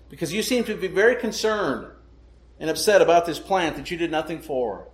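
Male pastor, slightly high voice, emphatic sermon delivery, echoey room. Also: lively intonation, a little fast. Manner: emphatic, asks rhetorical questions.

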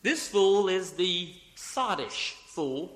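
A man's voice: sits high, expressive, slow pace, a bit bright. A man preaching a sermon in a church, reading scripture aloud and repeating his phrases. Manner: repeats phrases, reads scripture aloud, corrects himself mid-sentence. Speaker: pastor. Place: church sanctuary. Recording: echoey church hall.

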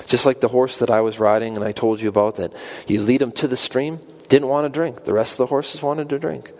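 A man preaching a sermon in an earnest way, climbing to emphatic peaks and then dropping soft and low. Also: fairly even intonation, brisk. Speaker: pastor.

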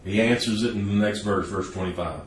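A man's voice: lowish voice, a little fast, reverberant, distant mic, slight background noise. A man preaching a sermon earnestly, building to emphatic peaks. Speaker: pastor.

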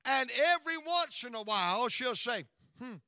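A man's voice: very high-pitched, animated, moderate pace, bright, forceful tone, clean tone, no room sound, studio quality. A middle-aged man preaching a revival sermon in a church, building rhythmic repeated lines and calling out to the congregation. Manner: call-and-response preaching, chanting repetition.

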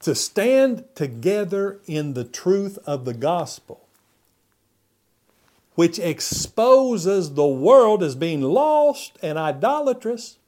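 Pastor preaching a sermon. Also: male voice. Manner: expressive preaching, pitch rising on key words and dropping low at phrase ends; reads scripture in old-fashioned wording.

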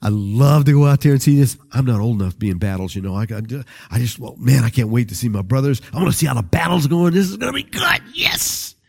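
A man acting out a young shepherd boy in a sermon, excited and boyish, his voice jumping high. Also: fast, gravelly, few pauses. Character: young male shepherd David, eager boy. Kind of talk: dramatized sermon storytelling.

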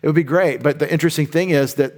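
A man's voice: on the high side, quick pace, darkish tone. Casual man teaching the Bible. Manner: informal and explanatory, with asides and restarts.

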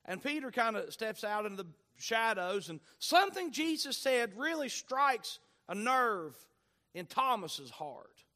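A man preaching a sermon, reading scripture aloud and swinging between loud, animated bursts and hushed asides. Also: very high-pitched, a little slow.

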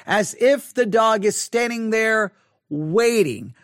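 A man teaching an informal online Bible study, earnest and repetitive, slowing down to repeat key references. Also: high voice, animated, a bit bright, dry recording, studio quality. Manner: repetitive, earnest, restarts and emphatic slow repeats.

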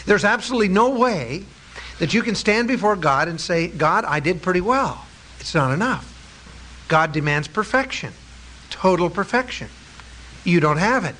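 A man preaching a sermon, emphatic, with drawn-out stresses and rhetorical questions to his listeners. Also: high-pitched, expressive, sharp tone, poor audio.

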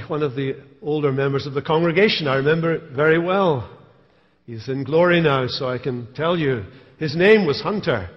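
A man's voice: on the high side, big-room sound, dull audio. A man preaching a sermon as pastor, telling stories with wry humor. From Scotland. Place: church sanctuary.

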